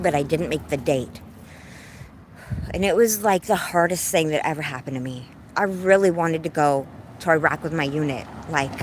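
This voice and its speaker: Effusive woman in her forties, lowish voice. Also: fairly bright tone, slight background noise. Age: 40s. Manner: effusive, heartfelt storytelling. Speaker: livestreamer. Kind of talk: casual livestream chat while walking. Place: outdoors on a walk.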